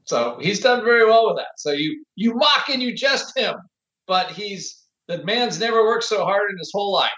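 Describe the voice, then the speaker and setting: A man chats casually as a podcast co-host, laughing through his sentences. His voice sits high. The sound is roomy and echoey. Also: animated, normal speed, pushed and bright, dull audio. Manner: giggly, laughing often. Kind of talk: casual chat.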